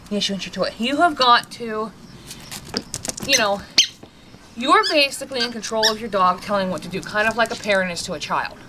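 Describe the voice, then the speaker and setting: A woman talks casually through a dog training session outdoors, breaking now and then into high sing-song praise for her dogs. Her voice sits a bit high. The recording carries clear background noise.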